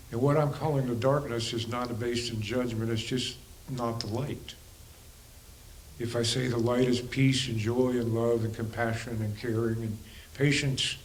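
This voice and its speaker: A man gives a reflective spiritual talk to a congregation at an ordinary pitch for a man. He muses aloud, throws in rhetorical questions and chuckles now and then. A faint hum of room ambience sits underneath. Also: rough recording. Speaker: spiritual teacher and counselor.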